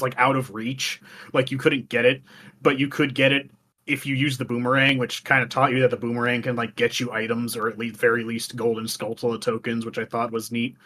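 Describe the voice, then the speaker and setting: Bright-voiced, profane man talking games. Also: medium pitch. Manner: profane, animated storytelling with voiced quotes. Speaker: podcast co-host. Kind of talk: casual chat.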